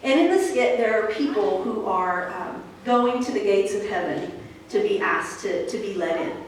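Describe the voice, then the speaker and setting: A woman's voice: mid-range voice, lively intonation, normal speed, a little hiss or hum. Woman, pastor, sermon, conversational storytelling, distant mic, echoey church hall. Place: church sanctuary.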